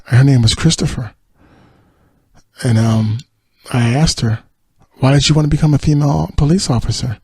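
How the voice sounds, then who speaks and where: A man's voice: medium pitch, moderate pace, pauses often, darkish tone, breathy edge, no echo. A man hosting a podcast, casually retelling a TV episode in a rambling way with many fillers. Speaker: podcast host.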